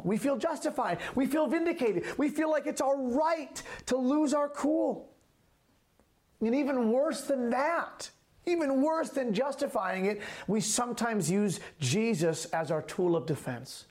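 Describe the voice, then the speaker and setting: A man preaching a sermon as a pastor, emphatic, repeating key phrases and asking rhetorical questions. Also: high-pitched.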